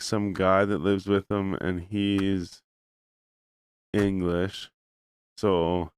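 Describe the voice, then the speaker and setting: A man sits at the podcast mic, spinning loose, chatty stories full of "like". His voice sits fairly low, with a smooth, clean tone and a dry, close sound. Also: dry recording. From Canada. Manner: rambling storyteller, heavy use of "like". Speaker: podcast co-host. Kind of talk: casual chat.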